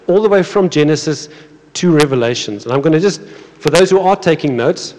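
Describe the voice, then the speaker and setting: A man's voice: mid-range voice, a little mellow. A man in his thirties or forties preaching a conversational sermon as pastor, often repeating words and putting questions to the congregation. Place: church auditorium. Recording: long hall reverb in a church.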